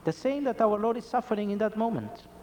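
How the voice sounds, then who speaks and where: A man with a high voice delivers a Catholic sermon, pitch rising and falling widely as he presses his points with rhetorical questions. His voice rings out with a long reverb, as if in a church. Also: animated, brisk, darkish tone, slight background noise. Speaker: Catholic preacher.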